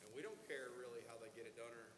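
A man's voice: medium pitch, racing, a crowd in the background. A man in a study group making a plain, matter-of-fact point. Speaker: class participant. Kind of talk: group discussion comment. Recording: distant voice in a hall with people around.

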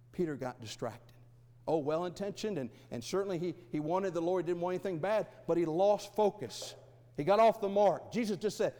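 A man preaching a sermon, asking rhetorical questions and swinging between loud and soft. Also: a little high, animated, a little fast, long reverb tail.

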